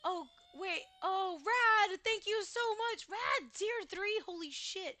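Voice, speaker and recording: A woman's voice: very high voice, slow pace, bright, forceful tone. A woman streamer chatting casually while gaming, gushing, giggling and exclaiming often.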